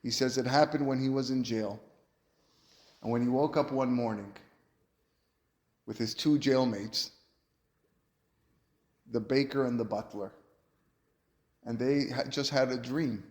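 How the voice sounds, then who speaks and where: A man's voice: mid-range voice, measured pace, long pauses, darkish tone. A male rabbi preaching and telling stories in an earnest, rhetorical way, with a mid-range voice. The sound rings in a roomy, echoing space. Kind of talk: sermon-style Torah lesson with storytelling. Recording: roomy echo.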